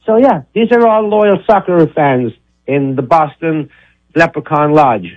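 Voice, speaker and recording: A man's voice: a little high, a little slow, dry recording. A man calling in to a radio show, eager and reeling off long lists of names. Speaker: caller. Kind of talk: phone-in talk radio. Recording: dull lo-fi phone line.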